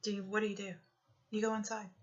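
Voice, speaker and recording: A woman's voice: mid-range voice, little pitch movement, quick pace, lo-fi sound. A woman giving a motivational talk with guided meditation, coaching earnestly and often checking in with "okay?". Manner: earnest, repetitive coaching, frequently asks "okay?". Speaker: motivational speaker.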